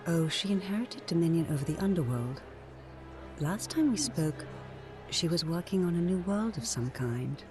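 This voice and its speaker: A woman voicing a gracious former goddess in a video game, speaking in a measured, formal way with a mysterious softness. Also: on the low side, lively intonation, natural voice. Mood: warm. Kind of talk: game voice acting. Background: game music.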